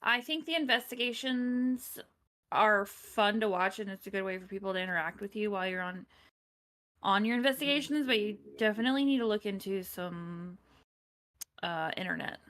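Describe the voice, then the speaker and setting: A woman's voice: mid-range voice, normal speed, a bit bright. A woman co-hosting a podcast, chatting casually and giving practical, plain advice. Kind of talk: casual chat.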